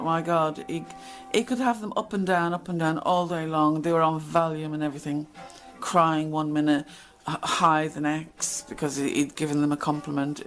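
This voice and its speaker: A woman's voice: low-pitched, rough recording. Blunt, chatty woman storyteller. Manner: chatty, blunt, acts out quoted exchanges. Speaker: channel host. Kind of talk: casual storytelling monologue.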